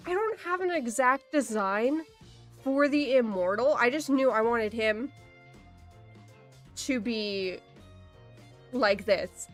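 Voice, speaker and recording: A woman livestreaming in casual, rambling chat, swearing easily and saying "like" a lot. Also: a little high.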